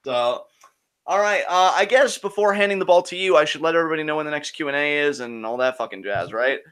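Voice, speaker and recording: A man's voice: on the high side, fast, a bit bright, clear, resonant tone. Brash, profane man hosting a live Q&A. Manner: profane, heated ranting. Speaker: co-host of a Q&A show. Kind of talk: casual live-stream chat.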